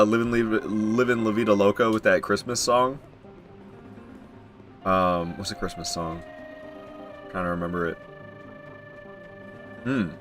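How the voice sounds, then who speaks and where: A man's voice: on the low side, fairly bright tone. A man streaming a video game, rambling and joking through casual commentary and swearing freely.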